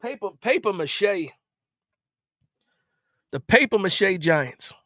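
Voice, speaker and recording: Man, fairly high voice, exasperated live-stream rant, repeats himself, sudden loud bursts, dry close mic. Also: sing-song, takes it slowly, no room sound. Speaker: live stream host reacting to a game. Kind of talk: animated post-game rant.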